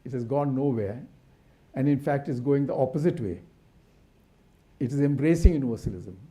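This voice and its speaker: A man's voice: mid-range voice, normal speed, warm tone. A man giving an impassioned symposium talk, asking rhetorical questions with frequent restarts. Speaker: conservation academic speaker.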